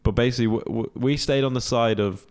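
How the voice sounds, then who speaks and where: A young man telling a travel story on a podcast, relaxed and swearing freely. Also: mid-range voice, fast talker. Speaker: podcast co-host. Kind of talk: casual chat.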